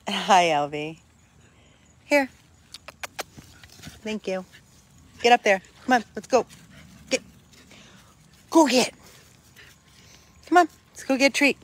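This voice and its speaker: An older dog rescuer chatting at home while playing with a puppy, breaking into high coaxing calls to the dog. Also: big pitch swings, slow pace, long pauses, a bit bright, no echo. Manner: talks to the dog in high coaxing calls between plain remarks. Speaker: dog rescuer showing a dog for adoption. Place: home with a dog, in hot weather.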